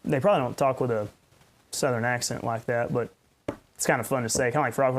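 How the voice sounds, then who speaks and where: A man's voice: mid-range voice, steady tone, fast talker, slight background noise. A man, a pastor hosting a podcast, rambling and ranting in unscripted commentary with sarcastic asides.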